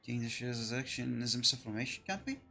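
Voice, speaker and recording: A woman's voice: very deep voice, lively intonation, fast talker, creaky, pitched below the performer's own voice, exaggerated voice. A reader voicing a theatrical young female fortune teller who makes grand, pompous pronouncements in a fan reading of game dialogue. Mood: indignant.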